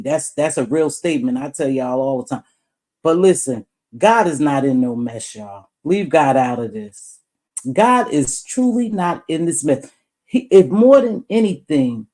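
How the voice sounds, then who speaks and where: A woman's voice: sits low, warm tone. A woman hosting a live stream in a blunt, preachy rant, swearing freely.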